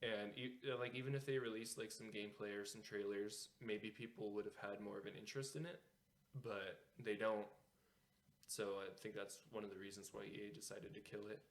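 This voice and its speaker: A man co-hosting a gaming podcast in casual chat, explaining his opinions in a measured way. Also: fairly low pitch, steady tone. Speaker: podcast co-host.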